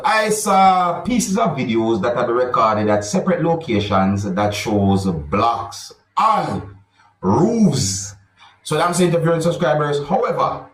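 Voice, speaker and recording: A man's voice: medium pitch, fairly bright tone, distant mic. A man hosting a commentary vlog, repeatedly addressing his viewers and subscribers in a formal, roundabout way. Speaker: vlog host. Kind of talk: news-style commentary vlog. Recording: echoey room, voice a bit off mic.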